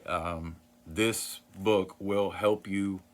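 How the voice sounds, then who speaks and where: Deep-voiced man, earnest and rambling. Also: fairly even intonation, drawn-out words. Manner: earnest, rambling, many fillers and restarts. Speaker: Christian vlogger sharing book recommendations. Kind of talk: casual talk to camera.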